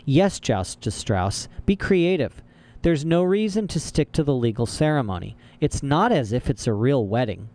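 A man voicing a clever, worried young boy in an audiobook, talking in an urgent, hushed way. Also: medium pitch, animated, normal speed, close to an everyday voice.

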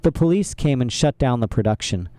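A male reader plays a studious boy who speaks firmly and plainly. The tone is mellow and warm. It sounds dry and close to the mic. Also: medium pitch, animated, a little fast, clean tone, dry recording, natural voice. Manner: firm, matter-of-fact. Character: bookish determined boy.

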